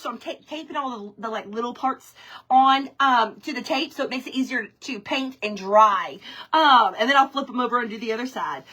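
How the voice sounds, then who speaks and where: A woman in her forties hosts a live crafting stream, chatting easily and calling out viewers by name. Her voice sits high and bright, with a husky, breathy grain. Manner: chatty, greets viewers by name, laughs often. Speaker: craft livestream host.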